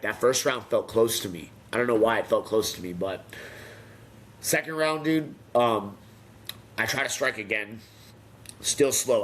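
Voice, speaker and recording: A young man, a professional fighter, telling stories from his career in a casual interview, swearing freely and acting out what others said. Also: mid-range voice. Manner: animated, profane, acts out quoted voices. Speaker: pro MMA fighter, interview guest. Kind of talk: casual storytelling.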